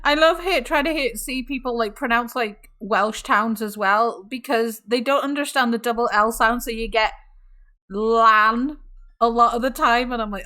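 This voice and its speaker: A woman's voice: on the high side, moderate pace, sharp tone. A woman streamer chatting casually with a friend, giggling often and swearing freely in a playful way.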